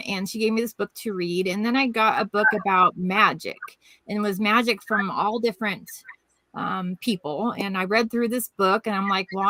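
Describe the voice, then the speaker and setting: Bright-voiced woman telling a rambling story. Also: medium pitch, dry recording, poor audio. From Washington State, USA. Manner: rambling, acts out quoted voices. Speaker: podcast guest. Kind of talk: casual storytelling chat.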